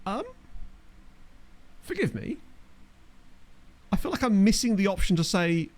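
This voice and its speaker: Unhurried and a little mellow, a young man with a high voice and wide pitch movement streams a football management game. His casual commentary, captured on a desk mic, includes wry asides and answers to chat.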